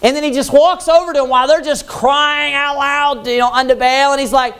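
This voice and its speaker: A man's voice: very high-pitched, fairly even intonation, a little fast, hardly any pauses, fairly bright tone. A man preaching a sermon in a casual, conversational way, with many fillers and acted-out scenes.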